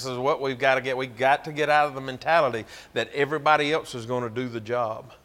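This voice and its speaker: A man's voice: medium pitch, fairly even intonation, fast, hardly any pauses, a bit bright. A man with a Georgia Southern accent, preaching a sermon as a pastor and telling a story in a folksy, emphatic way. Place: church.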